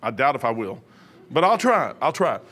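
A man's voice: mid-range voice, sing-song, normal speed, fairly bright tone. A middle-aged man preaching a sermon, rambling into joking personal asides.

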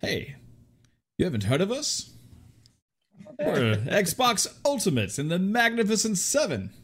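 A man's voice: high-pitched, wildly swooping pitch, a little slow, a bit bright, slightly rough, pitched above the performer's own voice, exaggerated voice. A man doing a pompous posh British voice. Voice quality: pompous, plummy. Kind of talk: podcast banter.

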